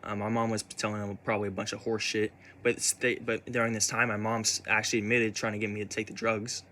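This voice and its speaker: A man's voice: on the low side, flat delivery, quick pace, sharp tone, a little hiss or hum. A young man telling a personal story in a casual way. He stumbles, restarts and repeats himself often, swears, and sounds upset. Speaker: vlogger.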